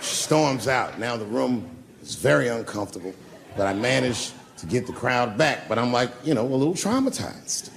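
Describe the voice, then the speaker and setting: A middle-aged man performs stand-up in a comedy club, telling loose, profane stories and joking with the crowd. His voice has a gravelly, creaky texture at an ordinary male pitch. The stage mic carries a faint background hiss. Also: big pitch swings, normal speed. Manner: profane, conversational storytelling with crowd work. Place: comedy club stage before a live audience.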